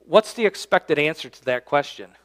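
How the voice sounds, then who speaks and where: A man, the church's pastor, preaching a sermon and reading scripture aloud, swinging between loud emphatic lines and quiet low endings. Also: expressive, moderate pace. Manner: reads scripture aloud in King James wording. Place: church sanctuary.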